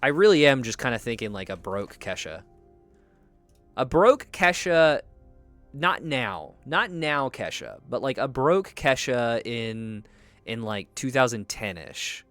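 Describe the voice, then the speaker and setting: A man's voice: mid-range voice, big pitch swings, measured pace, fairly bright tone, dry recording, soft background music. A young man chatting casually as a streamer while he plays a game, rambling and swearing freely. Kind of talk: casual gameplay commentary.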